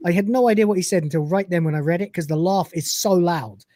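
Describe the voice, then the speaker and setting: A man's voice: high voice, quick pace, mellow, no room sound. A man hosting a podcast, recapping a TV episode in a chatty, rambling way and laughing often. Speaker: podcast host.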